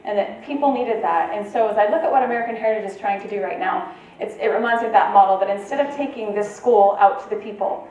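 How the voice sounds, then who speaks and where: A woman's voice: mid-range voice, fast talker, a little mellow, dull audio. A woman presenting at a retreat, giving an informal talk to a live audience in a conversational way and checking in with her listeners. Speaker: conference presenter. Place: meeting room at a retreat. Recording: very echoey room, voice from far off, faint ambience.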